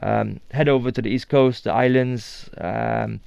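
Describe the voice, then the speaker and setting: Male guest in his thirties, from the UK; easygoing, filler-heavy talker with a smooth, dry voice. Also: medium pitch, steady tone, measured pace, a little mellow, no room sound. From United Kingdom. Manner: chatty, many fillers and restarts. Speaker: guest TV host. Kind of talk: casual radio interview.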